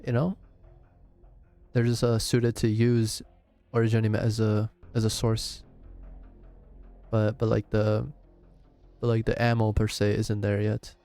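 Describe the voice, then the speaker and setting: A man's voice: on the low side, monotone, measured pace, long pauses, warm tone, faint music behind. A man streaming a game live, chatting casually with lots of swearing and rambling restarts.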